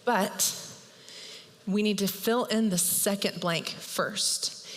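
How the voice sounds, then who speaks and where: Woman, pastor, chatty storytelling sermon, medium pitch, long reverb. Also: slow pace. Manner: lively, chatty, acts out characters. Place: church.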